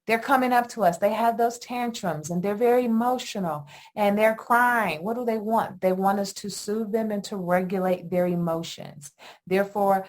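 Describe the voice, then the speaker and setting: A middle-aged woman hosting a solo podcast on attachment, talking in an animated, emphatic way with lots of rhetorical questions. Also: fairly high pitch, measured pace. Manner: animated, emphatic, often asks "guess what" and "right?". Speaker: podcast host, attachment educator.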